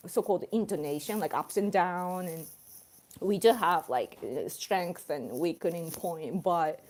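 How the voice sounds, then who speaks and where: A woman's voice: lowish voice, unhurried, darkish tone. A Japanese woman with a Japanese accent, hosting a casual livestream in English and chatting with viewers, laughing often as she acts out examples. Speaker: livestream host reading chat. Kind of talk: casual chat.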